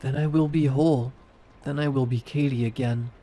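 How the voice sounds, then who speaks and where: Katie, a man voicing a raspy undead girl. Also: mid-range voice, steady tone, dark tone, lightly acted. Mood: pleading. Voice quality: raspy, wet. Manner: slow, pleading then hissing. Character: undead hungry teenage girl ghoul.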